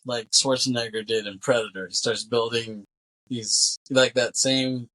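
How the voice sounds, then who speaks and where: A man co-hosting a podcast, casually recapping a film's plot in a rambling, animated way and acting out characters' lines. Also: mid-range voice, measured pace, rough recording. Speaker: podcast co-host. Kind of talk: casual movie recap chat.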